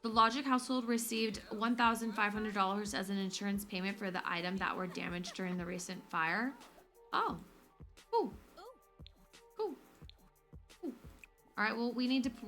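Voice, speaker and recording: A woman's voice: mid-range voice, normal speed, long pauses, a bit bright. A woman casually commenting on a life-simulation game she is streaming, swearing freely and talking to her characters, with game music behind her.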